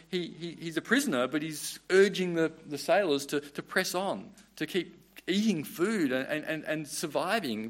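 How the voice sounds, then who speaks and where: Lively earnest male preacher. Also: fairly high pitch. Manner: earnest, conversational, with frequent restarts. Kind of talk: sermon.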